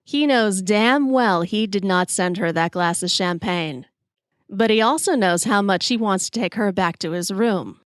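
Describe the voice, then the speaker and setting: A woman's voice: mid-range voice, unhurried, no echo, clean studio sound. Wry woman in her forties, telling stories. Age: 40s. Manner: wry, self-deprecating, expressive. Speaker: podcast host. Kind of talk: solo storytelling podcast.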